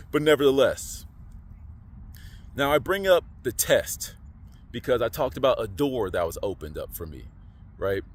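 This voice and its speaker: A man giving a casual, slangy spiritual monologue into his phone, animated and preachy. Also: mid-range voice, a little slow, long pauses. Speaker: spiritual vlogger.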